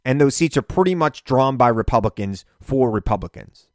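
A man hosting a radio talk show, delivering an animated political monologue with indignant emphasis. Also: mid-range voice, brisk, no echo, studio quality.

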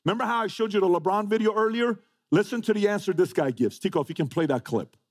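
A man's voice: high-pitched, quick pace, darkish tone. A man giving a motivational talk, emphatic, repeating phrases and firing rhetorical questions. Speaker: motivational speaker. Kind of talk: motivational talk to a live audience.

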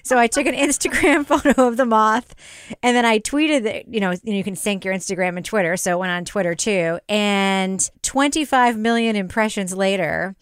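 Woman podcast host, forties, smooth clear voice, animated and laughing. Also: medium pitch, moderate pace, no room sound, clean studio sound. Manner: chatty, laughs often, animated storytelling. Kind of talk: casual podcast chat.

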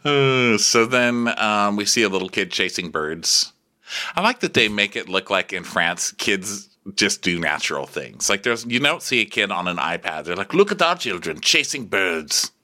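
Brief: male podcast co-host, sharp bright timbre, wry and sweary recap banter. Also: lowish voice, expressive, normal speed. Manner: wry, sweary, laughs often. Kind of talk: casual comedic recap chat.

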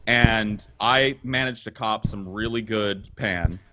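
A man telling a crude story on a podcast in a casual, profane, animated way. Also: lowish voice, slow pace. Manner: animated, profane, voice jumping up when excited. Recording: noisy podcast audio.

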